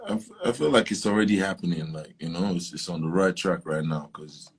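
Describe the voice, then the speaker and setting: A young man talking in a relaxed, drawn-out way in a casual interview, often saying "man". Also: deep voice. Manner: laid-back, drawn-out, saying "man" a lot. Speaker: musician guest.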